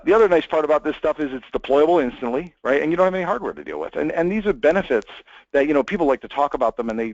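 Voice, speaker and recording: A man's voice: mid-range voice, darkish tone, no echo, muffled recording. A man giving a conversational technical webinar presentation, chatty, with many fillers and restarts.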